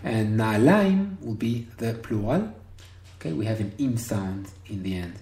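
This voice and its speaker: A man teaching Hebrew one-on-one over a video call, patient and encouraging, repeating words slowly. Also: fairly low pitch, lively intonation, warm tone. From Israel. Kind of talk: one-on-one online language lesson. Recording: roomy video call audio.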